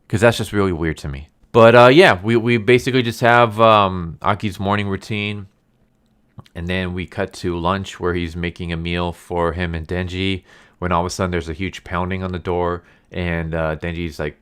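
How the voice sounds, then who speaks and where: Low-voiced man casually reviewing anime. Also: normal speed, clean tone. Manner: chatty and rambling, heavy use of "like"; animated, easily amused. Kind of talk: casual episode recap and review.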